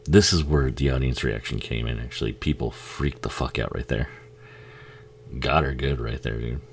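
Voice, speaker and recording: Super low gravelly dude rambling thru a movie commentary, cussing and laughing a lot. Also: male voice, normal speed, a little hiss or hum. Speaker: film commentary host. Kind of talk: casual watch-along commentary.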